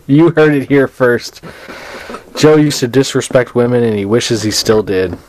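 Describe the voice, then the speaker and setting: A man's voice: mid-range voice, fairly even intonation, measured pace, darkish tone, a little hiss or hum. A man co-hosting a podcast, chatting casually and throwing in dry, teasing asides. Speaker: podcast co-host. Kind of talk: casual chat.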